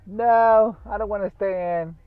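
A man imitating his sick wife, who insists on going out, in a high whining voice over tinny audio. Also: fairly even intonation, a little slow, clear, resonant tone, dry recording. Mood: whiny. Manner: high pleading whine.

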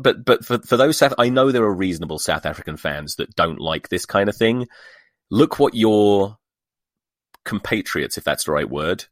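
A man's voice: fairly low pitch, dry recording, clean studio sound. A man hosting a solo podcast, sweary and exasperated, mocking what he reads aloud. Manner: profane, sarcastic, exasperated. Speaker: podcast host.

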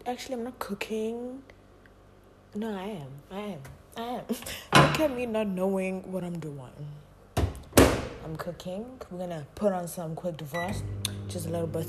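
A woman vlogging casually from her home kitchen, chatty and playful, her voice a little hoarse from yelling. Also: fairly low pitch, heavy background noise. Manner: playful and chatty, talks straight to viewers. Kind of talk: casual cooking vlog chat.

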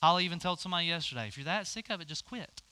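A man's voice: fairly high pitch, lively intonation, racing, bright, forceful tone. A man preaching a sermon, telling a personal story and acting out both sides of the conversation. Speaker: pastor.

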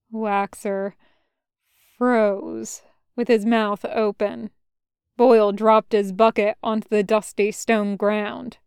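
A woman reading a fan fiction story aloud as a podfic, in a measured, unhurried narration. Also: mid-range voice, flat delivery, darkish tone, clean tone, no room sound, clean studio sound. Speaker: podfic reader.

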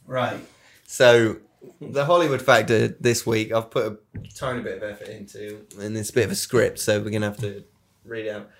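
A man's voice: fairly low pitch, flat delivery, moderate pace, creaky. A man co-hosting a casual comedy podcast, teasing and arguing with his co-host and swearing freely.

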